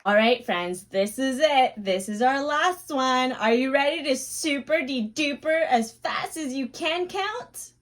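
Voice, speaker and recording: A woman hosting a children's video, narrating playfully with gasps and wide-eyed excitement to a young viewer. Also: sits high, unhurried, hardly any pauses. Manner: gasping, wide-eyed excitement, drops to a soft whisper at times. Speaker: children's educational video host.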